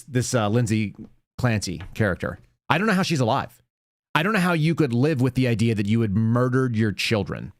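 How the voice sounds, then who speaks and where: A man's voice: medium pitch, dry recording, studio quality. A man hosting a live commentary show, talking in a blunt, indignant, rambling way. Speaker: show host.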